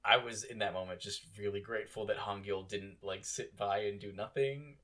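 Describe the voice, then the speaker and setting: Husky low-voiced man, wry podcast co-host. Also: normal speed, pushed and bright. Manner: wry, sarcastic asides. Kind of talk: casual recap chat.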